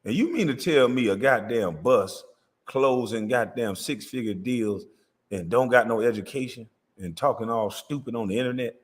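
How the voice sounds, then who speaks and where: A man's voice: mid-range voice, lively intonation, normal speed, big-room sound. A man hosting a livestream, ranting boastfully and profanely and laughing often. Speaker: livestream host. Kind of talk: comedic livestream rant.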